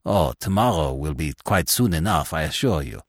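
A man reading aloud, voicing an excitable and formal magistrate in a mystery story. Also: a bass voice, moderate pace, husky, no echo, clean studio sound, exaggerated voice. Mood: urgent. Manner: urgent, formal. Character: excitable, officious male magistrate.

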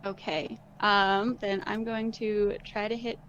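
A woman's voice: mid-range voice, flat delivery, takes it slowly, dull audio, noisy background. A woman playing a tabletop game, cheerful and giggly, fumbling a little with her sums. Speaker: player.

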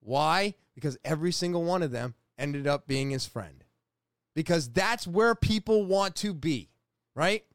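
High-voiced man telling a story. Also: unhurried, dry recording, clean studio sound. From New England, USA. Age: 40s. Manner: profane, animated, frequent restarts. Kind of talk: casual personal storytelling.

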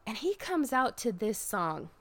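Animated woman chatting casually. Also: measured pace. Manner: animated and expressive, frequent laughs and swearing; jumps high in pitch when excited, drops low for asides. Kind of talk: casual chat recapping a wrestling show.

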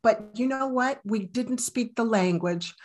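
A middle-aged woman, a telemedicine doctor, chatting as a guest, lively and anecdotal. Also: a little high, unhurried. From United States. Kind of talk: casual chat.

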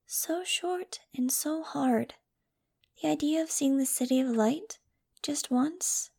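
A woman reading an audiobook, voicing a small, wheedling girl in a whispered role-play, slow, breathy and mock-tragic. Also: high voice, fairly even intonation, dark tone, voice pushed up, full character voice. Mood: melodramatic.

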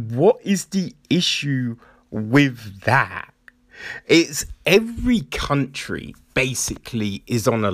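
A podcast host with a medium-pitched male voice and no echo rants casually. He swears heavily, is sarcastic, and mocks other people with put-on voices.

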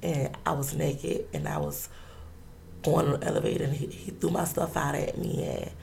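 A woman telling a personal story in an interview, halting and earnest, with many pauses and restarts. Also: deep voice, very animated, gravelly, darkish tone, slight background noise.

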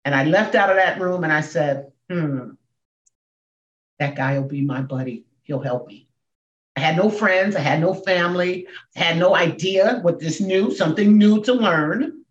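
A woman in her sixties, a comedian and speaker, telling her story as a podcast guest with emphatic swings in pitch and volume. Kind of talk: emotional storytelling in a podcast interview. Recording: echoey, dull room sound.

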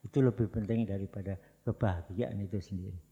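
A man's voice: lowish voice, fairly even intonation, fast, dark tone, dull audio. A man from Indonesia whose first language is Javanese, answering questions on an author panel in a reflective way, switching between languages and repeating words for emphasis. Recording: echoey hall.

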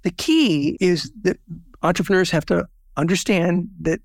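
Gravelly high-voiced older man. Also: unhurried, no room sound, studio quality. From Southern California. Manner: storytelling with quoted voices and analogies. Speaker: guest, networking organization founder. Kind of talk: interview conversation.

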